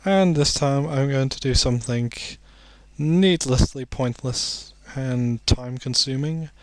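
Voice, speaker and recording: Drowsy male let's-player, mid-pitched voice, dry close sound, rambles and mocks his own jokes. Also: unhurried, darkish tone, no room sound. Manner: rambling, self-deprecating jokes, muttering asides. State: sleepy, yawning. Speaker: let's play commentator. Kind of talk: casual game commentary.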